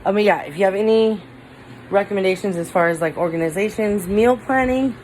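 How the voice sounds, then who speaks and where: A woman's voice: mid-range voice, fairly quick, a little mellow, a little hiss or hum, low-quality recording. A woman vlogging at home into her camera, a mother chatting casually and rambling with lots of "like" fillers. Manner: rambling, heavy use of "like" fillers.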